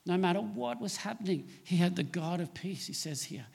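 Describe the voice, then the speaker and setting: A man's voice: sits high, lively intonation, fairly quick, gravelly, a little mellow, slightly rough, in a large hall. A man preaching a sermon as a pastor, pressing his points with emphatic, rising delivery.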